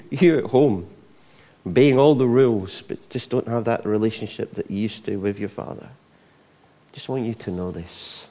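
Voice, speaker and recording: A man's voice: lowish voice, mellow. A Scottish man preaching a conversational sermon, with frequent asides to the congregation. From Scotland.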